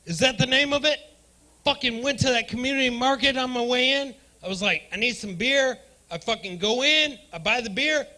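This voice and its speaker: Brash high-voiced comedian, bright and loud. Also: male voice, fairly quick. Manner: brash, profane crowd work. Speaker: stand-up comedian. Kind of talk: stand-up comedy set. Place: comedy club stage.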